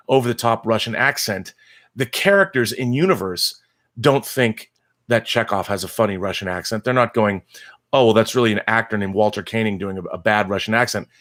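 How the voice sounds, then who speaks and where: A man's voice: mid-range voice, fairly bright tone. A middle-aged man hosting a casual live chat, answering viewers with emphatic, opinionated asides and frequent restarts.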